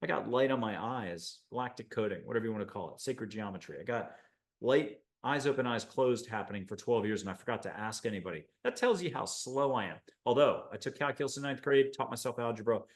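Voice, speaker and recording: A man from the United States hosting a spiritual show, talking in an enthusiastic, rambling monologue full of animated asides. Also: mid-range voice, fast. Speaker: host.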